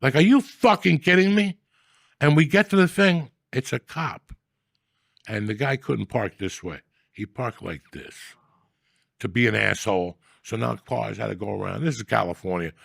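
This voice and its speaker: A man with a heavily gravelly, rough voice tells stories in a loud, profane, animated rant, full of shouting bursts. The sound is dry and close. His pitch sits in the middle for a man. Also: normal speed, dry recording. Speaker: podcast host. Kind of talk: casual comedic rant.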